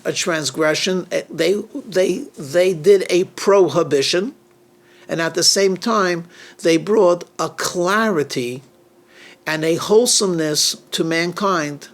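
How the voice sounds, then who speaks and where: A male rabbi delivering a storytelling sermon, deliberate and questioning, with halting restarts now and then. His voice is fairly high and he speaks slowly, drawing out his points.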